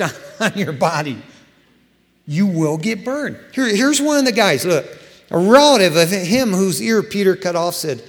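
Animated preacher man in echoing church. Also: high-pitched. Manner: animated preaching, acts out biblical dialogue in casual slang. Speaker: pastor. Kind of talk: sermon. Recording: long reverb of a large room.

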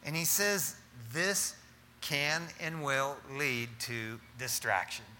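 A middle-aged man preaching as pastor, talking in an animated, casual way and often calling his listeners "man". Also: on the high side, takes it slowly, big-room sound, slight background noise. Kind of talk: sermon.

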